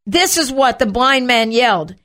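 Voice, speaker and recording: A woman hosting a show, teaching from the Bible in an animated way and acting out the quotes. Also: on the high side, a little slow. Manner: animated, acts out the quotes, shouts them.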